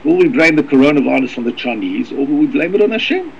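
Male rabbi teaching a class, rapid and gravelly, stumbles and repeats words, dull lo-fi recording with light hiss. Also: fairly high pitch, big pitch swings. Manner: rapid, halting, repeats words, reads Hebrew fast. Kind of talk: Torah lesson with Hebrew reading. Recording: dull lo-fi recording with faint noise.

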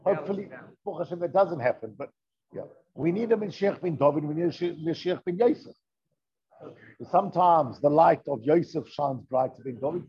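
Man, Torah teacher, explanatory lesson, rhetorical questions, warm dark tone, muffled lo-fi sound. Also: a little high. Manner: explanatory, poses rhetorical questions, drifts into Hebrew terms. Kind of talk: classroom lesson with text reading. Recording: dull lo-fi recording.

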